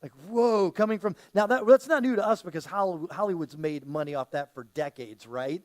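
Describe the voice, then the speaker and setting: Pastor, male, fairly high voice; loose, chatty sermon delivery that slips into quoted voices. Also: normal speed, darkish tone. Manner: conversational preaching that often acts out quoted voices.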